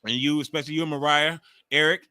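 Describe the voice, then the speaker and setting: A man in his forties hosting a wrestling watch-along live stream, reacting excitably and ranting with heavy swearing. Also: fairly high pitch, quick pace, smooth, dry recording, clean studio sound. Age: 40s.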